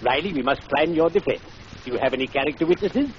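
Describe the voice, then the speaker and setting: An actor playing an unctuous, gloomy middle-aged undertaker in a 1940s radio comedy, smooth and full of morbid puns. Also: male voice, fairly high pitch, animated, fast talker, close to an everyday voice. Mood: oily. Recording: muffled old radio broadcast with hiss.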